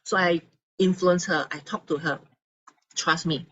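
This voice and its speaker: A woman tells her story to an audience. Her voice sits low, and the talk is animated as she acts out the quotes. The recording is slightly dull, with faint noise behind. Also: normal speed. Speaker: speaker giving a testimonial.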